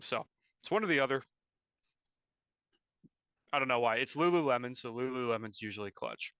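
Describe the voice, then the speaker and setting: Man co-host, casual rambling hockey chat, bright and crisp, dry dull sound. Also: mid-range voice, lively intonation, moderate pace, dry recording. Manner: rambling, filler-heavy, self-correcting. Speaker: podcast co-host. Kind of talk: casual live-stream chat.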